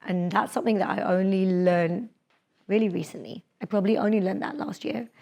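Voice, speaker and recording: A young adult woman leading a live public speaking workshop in a lecture room, talking in a lively, chatty way and laughing often. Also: mid-range voice, brisk.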